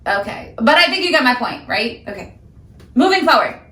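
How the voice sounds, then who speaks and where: A woman's voice: fairly high pitch, sing-song, moderate pace, distant mic, background noise. A woman talking straight to the camera about her sobriety, emphatic and ranting, addressing viewers as "guys" and "honey". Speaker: sobriety vlogger. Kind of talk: direct-to-camera motivational talk. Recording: echoey room, voice a bit off-mic.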